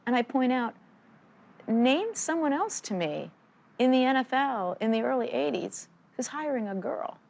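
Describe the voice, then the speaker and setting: Guesting on a studio interview, a football analyst in her sixties spins stories in a forceful, animated way. Her voice is high, creaky, and strong rather than dainty, and she keeps a moderate pace.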